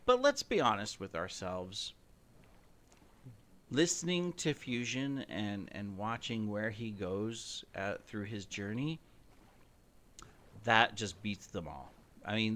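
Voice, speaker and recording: A man with a fairly low, slightly bright voice hosts his own gameplay channel. He rambles casually, making playful, self-mocking boasts about his show, while sounding a little out of breath and coughing.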